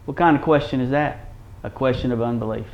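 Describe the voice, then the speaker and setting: A man's voice: medium pitch, quick pace, creaky. An earnest male preacher works through a Bible lesson, restating his points and checking that his listeners follow. His voice sits in a middling register. The recording sounds dull and lo-fi. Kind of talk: Bible-teaching sermon.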